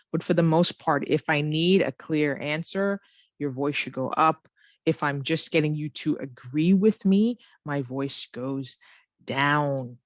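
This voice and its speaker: A woman teaching an online English lesson who reads example sentences slowly and with exaggerated rising and falling intonation. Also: low voice, dry recording.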